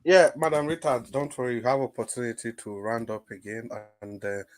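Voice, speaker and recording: A man moderates an online panel debate. He keeps calling speakers by name and asks them politely to wait their turn, and his voice often drops softer as he settles things down. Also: mid-range voice, brisk, no room sound. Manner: calm, repeats names to call order, polite.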